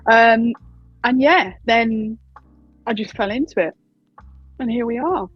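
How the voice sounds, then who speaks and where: A young woman with an Essex accent talks openly in an interview, chatty and quick to laugh. Her voice is a little husky, and the sound is dry and slightly muffled. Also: fairly high pitch, dry recording, soft background music. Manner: chatty, candid, laughs easily. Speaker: wrestling announcer and interviewer. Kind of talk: casual interview answers.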